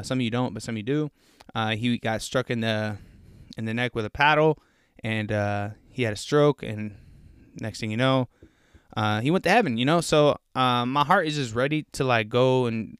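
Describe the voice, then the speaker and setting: A man's voice: medium pitch, smooth, no room sound, studio quality. A young man hosting a casual faith podcast, rambling earnestly with lots of fillers, a little out of breath. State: slightly out of breath. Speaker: podcast host.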